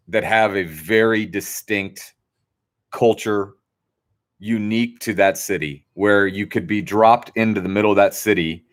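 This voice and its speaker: A man's voice: on the low side, a bit bright. A man hosting a trivia livestream from home, chatting casually and rambling from topic to topic. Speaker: trivia host.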